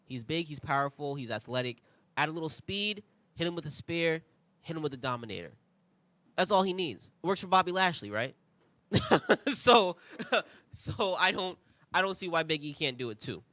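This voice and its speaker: A man's voice: a little high, moderate pace, no room sound. A young man hosting a review show, talking casually and with strong opinions, full of asides and rhetorical questions. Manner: animated, rambling, conversational asides. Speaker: podcast host.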